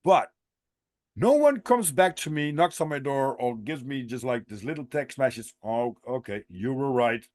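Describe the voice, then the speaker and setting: A man hosting a podcast, talking in a rambling, halting way with lots of restarts in a casual interview. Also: mid-range voice, animated, a little mellow. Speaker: podcast host.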